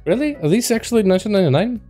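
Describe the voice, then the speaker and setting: A young man hosts a casual gaming livestream, rambling and joking with his chat. His voice sits fairly high but has a mellow, soft tone. Faint music plays behind him. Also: big pitch swings, racing. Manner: chatty, rambling, jokey, talks to chat. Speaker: livestream host. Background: faint background music.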